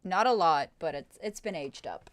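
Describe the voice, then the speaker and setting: A young woman hosting a casual livestream Q&A, excitable and quick to laugh, swearing freely. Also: sits low. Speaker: streamer hosting a Q&A.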